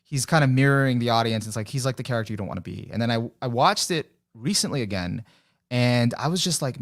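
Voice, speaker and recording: A man's voice: mid-range voice, expressive, fairly quick, a bit bright. A man guesting on a podcast, talking casually in rambling turns full of fillers. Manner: rambling, many fillers, laughs often. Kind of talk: casual chat.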